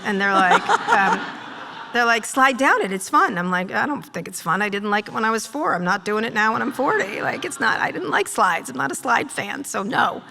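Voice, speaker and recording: A middle-aged woman, a journalist guest at a live talk, telling sardonic, profane stories and mimicking people in quick asides. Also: mid-range voice, pushed and bright. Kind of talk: on-stage storytelling conversation. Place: live event hall with audience. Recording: long reverb of a large hall.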